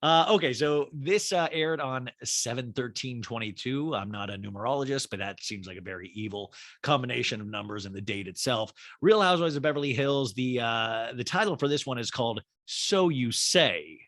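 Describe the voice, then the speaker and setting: A man hosting a podcast, recapping a reality show in a chatty, gossipy, animated way. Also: mid-range voice, moderate pace, few pauses, no echo, studio quality. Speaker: podcast host. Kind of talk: casual TV recap chat.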